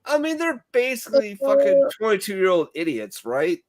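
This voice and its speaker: A man, a veteran regular on the show, telling rambling, profane stories in casual bar banter and laughing loudly. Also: high-pitched, big pitch swings, moderate pace, no room sound, clean studio sound.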